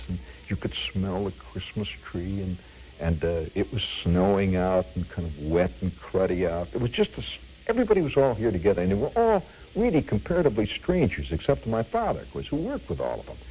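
An older man telling a childhood memory as a vivid, animated radio storyteller. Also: deep voice, a little fast, dull audio, a little hiss or hum.

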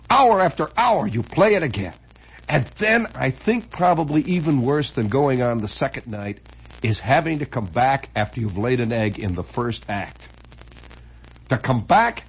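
A man telling a comic stage story, swinging from hushed asides to loud mock performance. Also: on the high side, breathy edge, poor audio.

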